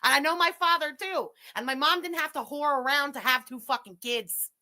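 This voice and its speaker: Woman, angry profane rant, high and bright. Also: a little fast. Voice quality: profane, cutting insults. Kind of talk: angry ranting clip.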